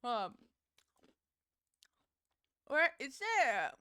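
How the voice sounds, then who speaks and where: A young woman chats loosely with her stream audience as she plays, reading messages aloud between giggles and swear words. Her voice sits high and sounds bright and forceful. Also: big pitch swings, drawn-out words, clear, resonant tone. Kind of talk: casual chat with stream chat while gaming.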